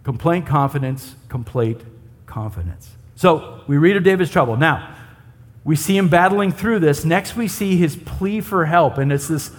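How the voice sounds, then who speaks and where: A man's voice: a little high, normal speed. A male pastor preaching a sermon in a conversational way, often asking his listeners rhetorical questions. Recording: long hall reverb.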